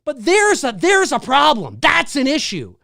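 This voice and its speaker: A man hosting a live movie talk show, ranting in exasperation, repeating rhetorical questions, swearing and bursting into shouts. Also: very high-pitched, wildly swooping pitch, measured pace, gravelly, dry recording, clean studio sound. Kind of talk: ranting solo commentary.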